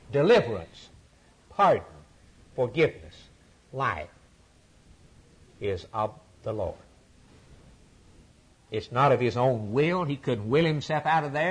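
A man preaching a sermon to his congregation, fervent and repetitive, with sweeping rises and drops in his voice. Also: slightly rough. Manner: fervent preaching with repetition and dramatic pitch swings.

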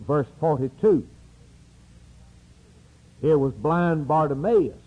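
A man preaching a sermon, rising to loud emphatic peaks and dropping to hushed low phrases. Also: husky, poor audio. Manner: dramatic preaching with sweeping rises and drops.

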